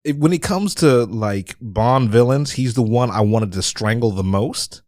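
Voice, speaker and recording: A man gives his blunt, profane take on a film in casual podcast talk. His voice sits a little low and sounds dry and close, and he often restarts his sentences. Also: animated, a little slow, a little mellow, dry recording. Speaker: podcast co-host. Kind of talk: casual film review chat.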